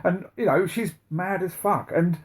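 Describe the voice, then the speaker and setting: A man's voice: sits high, unhurried. A man co-hosting a podcast in casual, blunt, sweary chat. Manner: sweary, blunt, laughs often. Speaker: podcast co-host.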